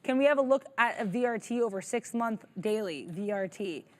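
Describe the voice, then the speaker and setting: A woman's voice: on the high side, lively intonation, brisk. A woman co-hosting a live trading show, giving chatty, upbeat market commentary with many fillers and reading viewer messages aloud.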